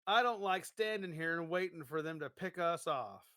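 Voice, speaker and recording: A man's voice: on the high side, expressive, moderate pace, bright, forceful tone, no echo, studio quality. A man voicing a blunt, impatient male soldier protesting, read from a kids' adventure book. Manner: protesting, urgent.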